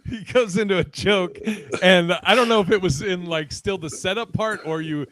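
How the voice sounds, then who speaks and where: Animated, swearing podcast host man. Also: high voice, moderate pace, slight background noise. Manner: animated storyteller, acts out quotes, swears a lot. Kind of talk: casual chat.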